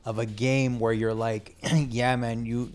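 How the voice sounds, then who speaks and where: A man's voice: mid-range voice, little pitch movement, a little slow, darkish tone, clear, resonant tone. A man in casual gaming chat, rambling with many restarts and asking "you know what I mean". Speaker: podcast co-host.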